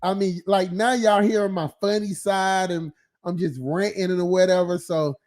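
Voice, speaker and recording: Stream host, male, high-pitched, loose profane ranting monologue, laughs a lot, heavy filler. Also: steady tone, moderate pace, a little mellow.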